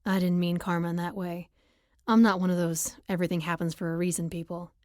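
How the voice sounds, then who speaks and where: A confident young hockey player with an easy, teasing way of talking, voiced by a woman. His lines sit a little lower than the narration, recorded close and dry for an audiobook. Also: level tone, fairly quick, a little mellow, dry recording, lightly acted.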